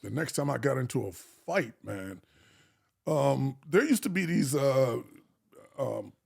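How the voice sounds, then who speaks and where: A man from Arkansas telling an animated life story as a podcast guest, acting out the people he quotes and swearing freely. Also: mid-range voice, a little slow, vocal fry, breathy edge. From Arkansas, USA.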